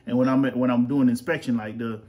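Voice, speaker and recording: A man hosts a casual family podcast at home. He rambles through long stories, full of ums and restarts. His pitch sits in the middle range. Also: steady tone, fast talker, muffled recording. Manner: rambling storyteller, lots of fillers. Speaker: podcast host and father. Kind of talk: casual chat.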